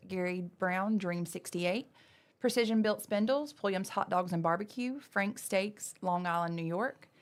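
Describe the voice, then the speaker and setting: Woman reading a sponsor list. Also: mid-range voice. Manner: reads sponsor list in a steady run. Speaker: co-host. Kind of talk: casual live show chat.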